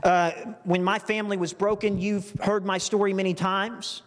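A man's voice: high voice, little pitch movement, moderate pace. A man preaching a sermon with earnest, emotional storytelling, often restarting his phrases. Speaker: pastor. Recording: long reverb from a large hall.

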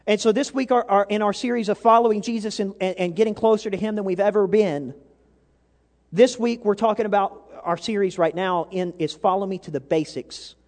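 A man preaching in a conversational, animated way, voice pitched high for a man. He often circles back, repeating words as he builds a point. His voice rings with a long hall reverb. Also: fairly quick. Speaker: pastor. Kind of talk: sermon.

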